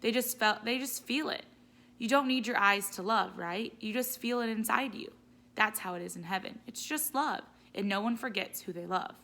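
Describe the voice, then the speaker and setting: A woman voicing a tired, tender mother who soothes her son in a hushed voice. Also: medium pitch, moderate pace, gravelly.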